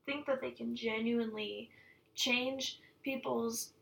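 A young woman guest on a casual podcast, laid-back and offhand. Her voice sits high but has a gravelly fry running through it. A faint hiss of noise sits behind her. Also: steady tone, slow, fairly bright tone, low-quality recording.

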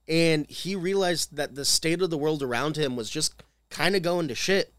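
A man's voice: fairly high pitch, normal speed, a bit bright, no room sound. A man co-hosting a podcast, walking through a history story point by point with a dry, wry edge. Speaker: podcast co-host. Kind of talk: casual storytelling chat.

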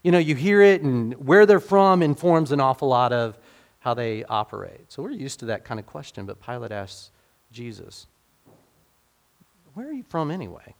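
A man's voice: medium pitch, moderate pace, vocal fry. A man preaching a casual, conversational sermon, asking his listeners questions and acting out the people in the passage. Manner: casual, talks to the congregation directly with rhetorical questions; acts out quoted speakers in dialogue.

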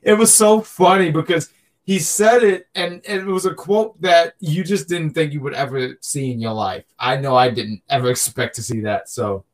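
Animated man on a wrestling podcast. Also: fairly high pitch, moderate pace. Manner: animated, joking, repeats himself. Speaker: podcast co-host. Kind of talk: casual wrestling chat.

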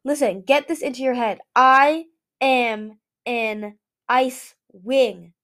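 A woman voicing a proud young male ice dragon who snaps at his friends in a sharp, forceful way. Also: sits high, lively intonation, moderate pace, voice pushed up. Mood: angry.

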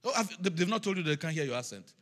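A man with a foreign accent preaching a sermon in a sing-song cadence, repeating phrases and rising to shouted peaks. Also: on the high side, big pitch swings, very fast. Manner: foreign accent of his own.

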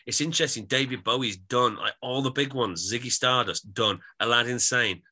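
Bright-voiced man chatting about records. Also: medium pitch, moderate pace. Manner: chatty, wry, drifts into sung quotes. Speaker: podcast co-host. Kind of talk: casual music review chat.

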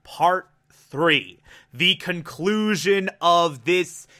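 A man's voice: sits high, drawn-out words, sharp tone. A man giving casual review commentary on a cartoon episode, gushing and enthusiastic, with frequent "uh" fillers.

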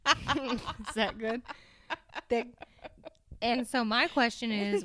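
A woman co-hosting a podcast in casual chat, animated and quick to laugh. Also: on the high side, no room sound. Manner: animated, laughs often, gets loud when joking. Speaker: podcast co-host.

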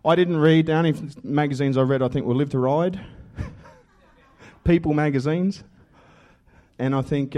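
Australian man, higher voice, preaching a testimony, storytelling with plenty of laughs. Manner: animated storytelling with laughs and loud acted quotes. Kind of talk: testimony sermon.

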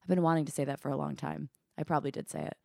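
A woman hosting a solo podcast, talking in a chatty, self-deprecating way with a sick, hoarse voice. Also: deep voice, steady tone, very fast, a little mellow, no room sound, studio quality. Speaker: podcast host.

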